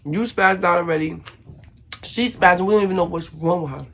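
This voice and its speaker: Animated woman from Brooklyn telling a story. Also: fairly low pitch, a little fast. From Brooklyn, New York. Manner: animated, acts out shouted quotes. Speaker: vlogger. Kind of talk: casual storytime.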